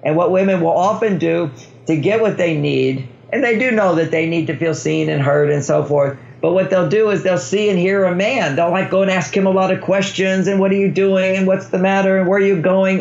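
High gravelly man, playful explainer. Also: a little fast, muffled recording. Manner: playful, explanatory, frequent chuckles. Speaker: author guest. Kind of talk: conversational interview.

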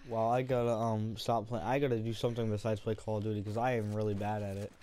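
A young man talks in a flat monotone while he plays a shooter game. He rambles and swears at the game now and then. His voice is dark and mellow, and a faint hiss sits under it. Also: on the low side, fast. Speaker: gaming video creator. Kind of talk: casual commentary over gameplay.

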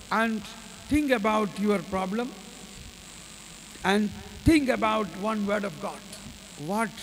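Slow, high-pitched, gravelly preacher man. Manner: slow, storytelling, leads the group in prayer and hallelujahs. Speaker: preacher leading a workshop. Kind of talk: sermon with storytelling and prayer. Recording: reverberant hall with faint mains hum.

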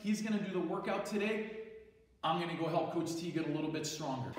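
A man's voice: on the high side, brisk. A man, a PE teacher, introducing a kids' workout video and friendly addressing students by name. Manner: friendly, calls kids by name. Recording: echoey hall from far off, music behind.

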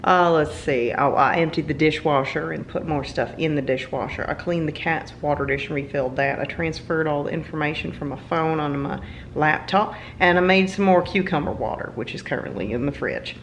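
A woman's voice: low voice, fairly quick, slight background noise. A woman from the United States chatting casually at home in a playful, giggly vlog, sometimes slipping into a silly voice. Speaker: vlogger.

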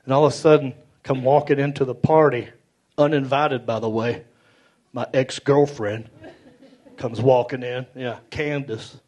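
A man telling an animated stand-up story on stage, acting out other people in big voices. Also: mid-range voice, measured pace. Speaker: stand-up comedian. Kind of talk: stand-up comedy set. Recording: live club recording, roomy, loud crowd. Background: audience laughter.

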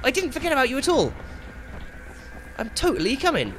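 Excitable swearing male gamer. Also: very high voice, brisk, slight background noise. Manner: excitable, swears a lot, yells at the game. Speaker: gaming channel host. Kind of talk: let's play commentary. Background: game music and sound effects.

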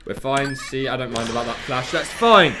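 A young man streaming a video game, rattling off his controls under his breath and breaking into panicked shouts. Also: medium pitch, lively intonation, noisy background. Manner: rapid muttered narration of controls, bursts of panicked shouting. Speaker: gameplay streamer. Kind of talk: let's play commentary.

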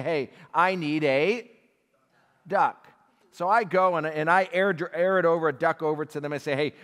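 Man, storyteller at a church class, voice a bit high, long hall echo. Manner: animated storyteller, acts out dialogue, chuckles. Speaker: guest speaker at a Bible class. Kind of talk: storytelling testimony talk.

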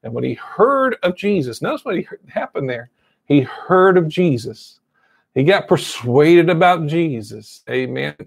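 Male preacher, raised pitch with some fry, folksy sermon storyteller, dry recording. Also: big pitch swings, unhurried, no echo. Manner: repeats amen often, storytelling. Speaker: pastor.

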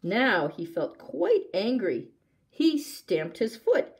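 Slow, expressive woman reading story time. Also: lowish voice. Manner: slow, expressive, asks young listeners questions. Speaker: children's librarian. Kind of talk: story time read-aloud.

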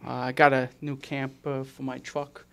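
A man's voice: medium pitch, flat delivery, moderate pace, creaky, slight background noise. A young man, a guest vehicle technician, giving short laid-back answers in a casual chat.

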